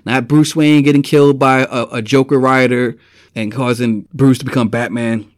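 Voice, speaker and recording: A man's voice: mid-range voice, steady tone, moderate pace, no echo, clean studio sound. Profane, rambling man ranting about a movie. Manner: profane, rambling, fills with "man" and "you know". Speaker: film reviewer. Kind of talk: casual movie review rant.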